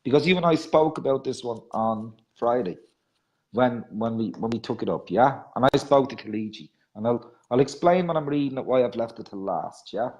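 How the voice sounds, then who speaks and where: A male radio host who reads rhyming poems with softly trailing line ends, then chats in a self-mocking way between readings. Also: mid-range voice, lively intonation, brisk, lo-fi sound. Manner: soft, trailing ends of lines. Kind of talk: reading rhyming poetry and chatting.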